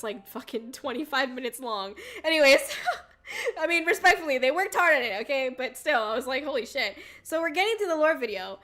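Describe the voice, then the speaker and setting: Young woman, high pitch, bright tone, rambling casual storytelling, filler words, swearing, faint background music. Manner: rambling, lots of "like" and "um", swears, laughs often. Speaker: VTuber streamer.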